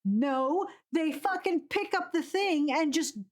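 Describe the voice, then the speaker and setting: Streaming a game live, a woman with a very high voice speaks slowly, chatting casually and ranting animatedly. She laughs often throughout her commentary.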